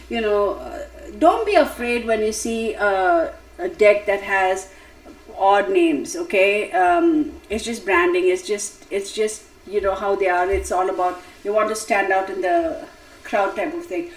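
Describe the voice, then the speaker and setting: A woman's voice: mid-range voice, a little slow, low-quality recording. Chatty woman tarot reader on live stream. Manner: chatty, digressive, laughs often, talks to viewers directly. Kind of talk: casual live-stream chat.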